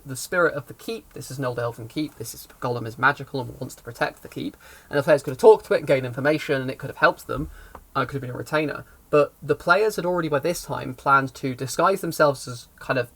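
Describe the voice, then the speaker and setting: A man's voice: mid-range voice, a bit bright. A man who runs tabletop games, telling a rambling, self-correcting story about a session in a casual explainer talk. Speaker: game master giving advice.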